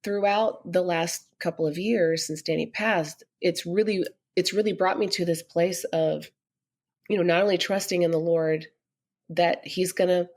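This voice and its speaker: On a podcast, a middle-aged woman with a lowish voice earnestly tells a personal story, becoming animated whenever she quotes other people.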